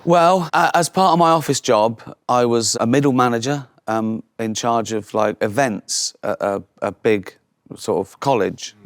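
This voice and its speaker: A man's voice: medium pitch, measured pace, few pauses, dry recording, clean studio sound. A man, telling anecdotes in a casual chat and acting out other people's voices. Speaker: guest comedian.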